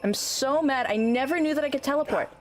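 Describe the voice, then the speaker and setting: A woman's voice: sits high, fairly quick, soft background music. A woman streaming a game, chatting casually with her viewers, teasing them and swearing freely. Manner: teasing, swears a lot, talks back to chat.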